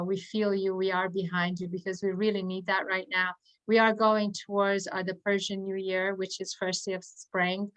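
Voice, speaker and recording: A woman on a video call with a bright, forward tone. She speaks earnestly and animatedly at an online event, acting out quoted dialogue as she tells a personal story. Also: mid-range voice, low-quality recording. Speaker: audience member at an online poetry event.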